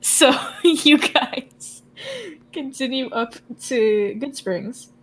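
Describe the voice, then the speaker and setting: A woman runs a tabletop game, describing the scene in a loose, chatty way. She giggles between lines and fills pauses with ums. Her delivery is unhurried and casual. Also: sits high, a little hiss or hum. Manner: giggly, loose, filler-heavy. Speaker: game master.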